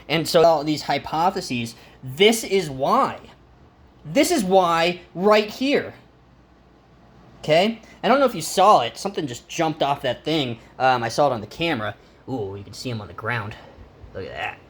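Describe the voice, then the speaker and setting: A man's voice: high voice, fairly bright tone. A man from the United States talking in a rambling home vlog, urgent and emphatic, repeating himself and stumbling through restarts. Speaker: home vlogger. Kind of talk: rambling self-filmed vlog. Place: inside his own home.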